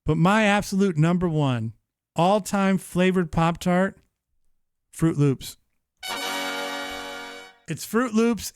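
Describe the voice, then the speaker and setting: A man in his thirties hosting a live-streamed show, chatting casually in an animated, profane, rambling way. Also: high voice, slow, long pauses, soft background music. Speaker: livestream show host.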